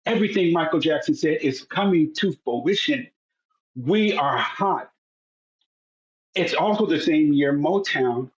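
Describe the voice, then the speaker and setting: A man's voice: a little high, highs cut off. Man in his sixties telling his story. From United States. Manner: animated storyteller acting out family voices. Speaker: podcast guest, author. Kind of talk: personal storytelling.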